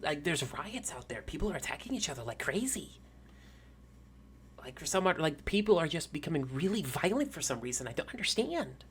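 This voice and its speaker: A woman voicing an anxious daycare worker who speaks quietly about her fears. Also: low voice, big pitch swings, a little fast, a little hiss or hum. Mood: worried.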